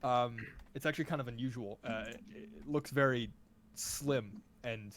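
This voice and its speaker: A man's voice: mid-range voice, normal speed, a little hiss or hum. A man narrating as game master of a tabletop game, casual and full of ums and asides.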